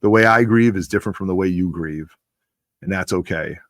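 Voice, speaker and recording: A man in his forties with a lowish voice talks straight into a dry, close mic. He hosts a comic book channel and gives a heartfelt tribute that rambles and runs with emotion. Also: fairly quick, no echo.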